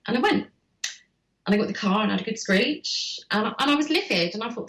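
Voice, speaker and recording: A woman host chatting casually and telling a personal story in a candid, animated way. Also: medium pitch, a little fast. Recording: roomy echo.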